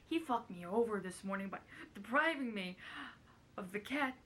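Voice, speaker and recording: A woman doing a raspy, quavering older showbiz grande dame while reading a storybook page aloud theatrically. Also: mid-range voice, lively intonation, normal speed, a bit bright, close to an everyday voice.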